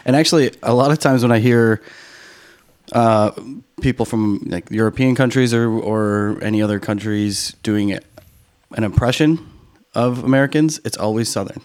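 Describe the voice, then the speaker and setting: A man's voice: medium pitch, normal speed, a little mellow. A man co-hosting a casual chat podcast, easygoing and agreeable, talking with many fillers and restarts.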